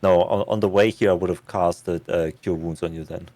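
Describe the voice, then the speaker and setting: A man's voice: deep voice, fairly even intonation, normal speed, darkish tone, dry recording. A man player in a tabletop game, talking in a stumbling, distracted way. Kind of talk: tabletop role-play chat.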